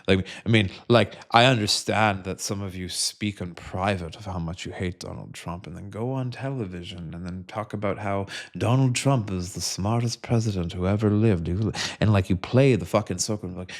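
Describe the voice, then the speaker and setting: A man's voice: sits low, normal speed. A man from the United States delivering a heated, profane rant straight to the viewer, full of fillers and restarts. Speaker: political commentator. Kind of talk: direct-to-camera rant.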